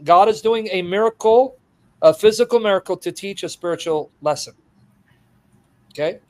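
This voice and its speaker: An animated male preacher delivers an expository sermon in a high voice. He breaks into laughter and acts out the scenes as he retells them. His delivery swings between loud, excited bursts and quiet asides.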